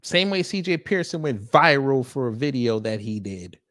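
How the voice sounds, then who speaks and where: A man's voice: medium pitch, very animated, moderate pace, fairly bright tone. A man hosting casual commentary, blunt and mocking, slangy and swearing, talking straight to the audience. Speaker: host.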